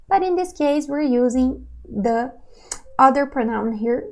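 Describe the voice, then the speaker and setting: A woman's voice: high voice, a little slow, gravelly, a little mellow. A woman teaching a language lesson, patiently explaining words and often checking in with "okay?".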